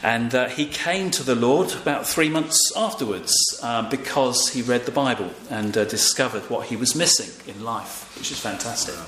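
With medium pitch and a fairly bright tone, an older man preaches at a moderate pace with hardly any pauses. His sermon feels like a chat, peppered with fillers and frequent calls for audience response, in an echoey room with faint background noise.

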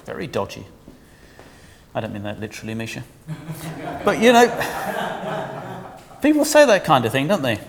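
A man preaching a sermon in a lively, conversational way, asking his listeners questions. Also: medium pitch, normal speed, long pauses, long reverb tail, a crowd in the background.

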